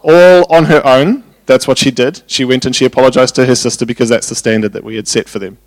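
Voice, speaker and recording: A man gives a sermon built on anecdotes about home life. His voice sits at an ordinary middle pitch. He turns animated when he acts out the scenes. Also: fast talker, no room sound. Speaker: preacher. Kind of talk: sermon with personal stories.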